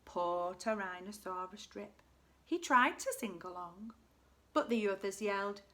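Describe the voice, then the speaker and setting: A teacher reading a children's picture book aloud with expressive delivery. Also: female voice, mid-range voice, measured pace. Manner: expressive, shifting voices and volume. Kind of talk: storybook read-aloud for children.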